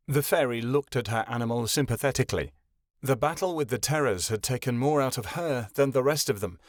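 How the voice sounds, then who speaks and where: A man narrating a fantasy audiobook in a measured, dramatic storytelling way, close to the mic. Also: mid-range voice, no room sound. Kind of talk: scripted narration.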